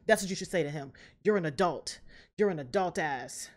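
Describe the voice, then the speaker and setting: A young woman hosting a reaction video, talking casually and trash-talking the characters loudly with plenty of swearing, recorded at home on a desk mic. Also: low voice, brisk. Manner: loud, profane, animated trash talk at the screen.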